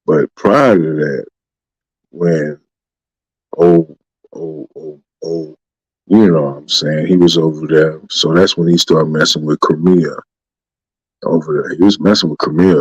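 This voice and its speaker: A man's voice: extremely low pitch, a little slow, a little mellow, slightly rough, no room sound. A man talking in casual chat, rambling and often saying "you know what I'm saying". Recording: dull dry sound.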